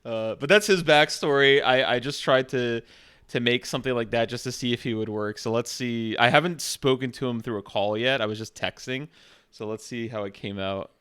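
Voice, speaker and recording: A man's voice: medium pitch, normal speed, fairly bright tone, clean tone. A man streaming casually, rambling with frequent restarts and swearing as he chats.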